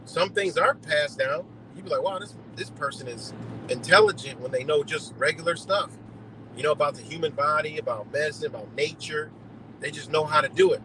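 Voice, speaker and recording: A man's voice: a little high, brisk, background noise. A man ranting heatedly and profanely in a rambling live monologue, streaming from a car on the road. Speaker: livestreamer.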